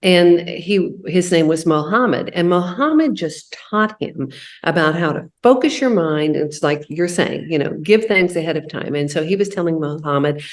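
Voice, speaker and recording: Lower-voiced woman telling a faith story. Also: animated, moderate pace. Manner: conversational, retells a story with quoted dialogue and many "you know"s. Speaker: host of a women's coffee chat. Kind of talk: faith-based storytelling chat.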